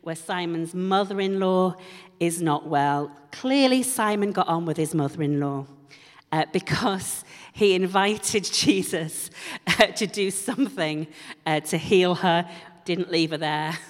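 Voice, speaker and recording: A woman's voice: fairly low pitch, a little slow. A woman preaching a sermon in a church, with humorous conversational asides. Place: church hall. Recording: long hall reverb.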